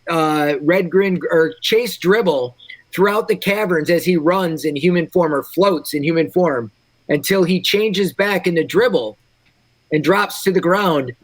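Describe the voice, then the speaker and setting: A man's voice: high voice, no echo. A man playing a tabletop game, narrating his ideas in a playful, jokey way. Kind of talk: casual chat and improvised narration.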